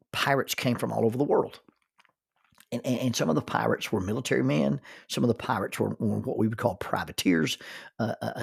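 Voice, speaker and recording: A man's voice: medium pitch, vocal fry, husky, dry recording, studio quality. A middle-aged man telling a personal story in a folksy, chuckling way. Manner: folksy, chuckles through his stories. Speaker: storyteller and minister.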